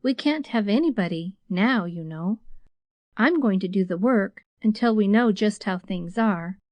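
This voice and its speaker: A woman's voice: mid-range voice, animated, unhurried, darkish tone, no room sound, lightly acted. A woman voicing an earnest teenage girl, tearful and pleading, in a storybook reading.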